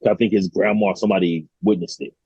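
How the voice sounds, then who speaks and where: A young man with a very deep, husky, mellow voice talks in a laid-back, slangy way. The recording sounds dry and a little dull. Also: fairly even intonation, fast, dry recording. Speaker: podcast guest. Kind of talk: casual chat.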